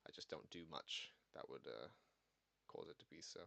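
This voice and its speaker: A man streaming while he edits video, muttering low-key, deadpan asides. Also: normal speed, vocal fry. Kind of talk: casual streaming chat while editing.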